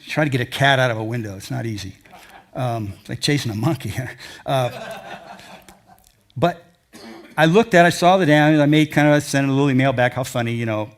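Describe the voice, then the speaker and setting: A man's voice: medium pitch, fairly quick, pauses often. An older man giving a presentation to an audience, telling rambling, folksy stories from his travels. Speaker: adventure travel speaker. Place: lecture hall before an audience.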